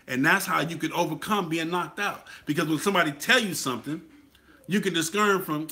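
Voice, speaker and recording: A slightly high, animated voice moves briskly with a sharp tone. The Atlanta host lectures casually on motorcycle clubs, circling back over his points and asking "you feel what I'm saying?"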